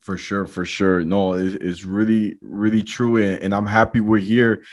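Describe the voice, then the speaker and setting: Podcast host, man, lower voice; encouraging, reflective interviewer. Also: level tone, normal speed. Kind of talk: interviewing a guest.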